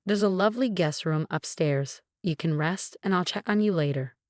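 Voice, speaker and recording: A cold, smooth-talking mother-in-law who brushes everyone off with icy calm, as a woman narrator reads her. The voice sits low and is heard close and dry, in a storybook reading. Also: normal speed, dry recording, natural voice.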